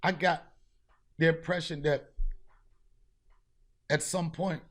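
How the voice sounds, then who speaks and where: A man hosting a podcast, telling a street story in casual chat, profane and animated, acting out the people he met. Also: a little high, slow pace. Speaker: podcast host.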